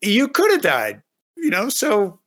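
A man's voice: high-pitched, wildly swooping pitch, slow pace, a bit bright. A man hosting a casual interview, reassuring the guest in short, plain remarks. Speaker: host.

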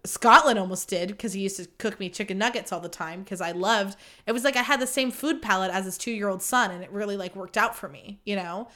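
A young woman hosting her own podcast, ranting candidly about dating, dramatic and self-mocking, swearing freely and swinging between loud outbursts and low mutters. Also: a little fast, few pauses. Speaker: podcast host. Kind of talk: candid solo podcast monologue.

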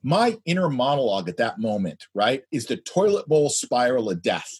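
A man in his fifties, a guest telling a story in a loud, animated way. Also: mid-range voice, normal speed, slightly rough. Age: 50s. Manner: animated, speaks loudly. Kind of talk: anecdotal storytelling.

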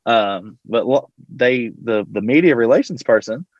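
A man's voice: medium pitch, lively intonation, unhurried, a little mellow, no echo, highs cut off. A man from Louisville, a teacher and coach, telling a story as a podcast guest in a rambling way, with lots of fillers and casual swearing. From Louisville, Kentucky.

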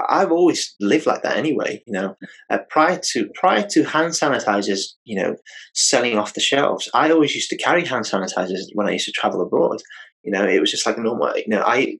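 A British man with a low, husky voice hosts a relaxed interview. He talks in a loose, rambling way and scatters "you know" through his sentences. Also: rough recording. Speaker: podcast host. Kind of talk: casual interview chat.

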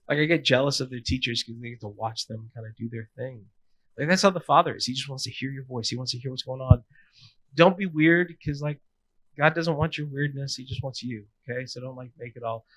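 Casual, animated male pastor preaching. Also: medium pitch, fairly quick, no room sound, rough recording. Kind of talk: sermon.

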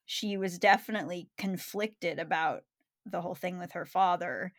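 A woman's voice: lowish voice, moderate pace, no echo, studio quality. A woman hosting a casual film-talk podcast, chatty and full of "like" fillers. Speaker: podcast host.

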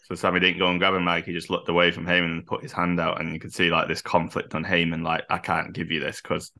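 Deep, bright-voiced man recapping. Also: quick pace. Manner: animated retelling, acts out quotes. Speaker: podcast co-host. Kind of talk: casual wrestling recap chat.

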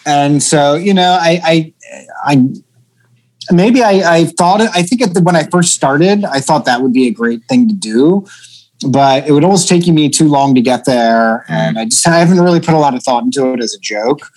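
A man in his thirties from central Pennsylvania, a comedian telling an animated, profane story as a guest in a casual interview. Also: on the high side, normal speed, low-quality recording.

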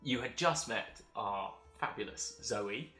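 A man hosting and running a tabletop game, chatty and quick to laugh at himself. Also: lowish voice, pushed and bright, reverberant, soft background music. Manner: chatty, laughs often, self-deprecating. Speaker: game master and host.

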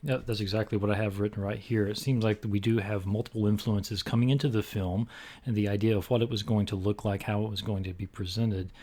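A man's voice: on the low side, fairly even intonation, fairly quick, dark tone. A man co-hosting a casual movie podcast, steering the talk with meandering, filler-heavy questions. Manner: rambling, full of fillers and restarts. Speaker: podcast co-host leading discussion. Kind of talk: casual film discussion.

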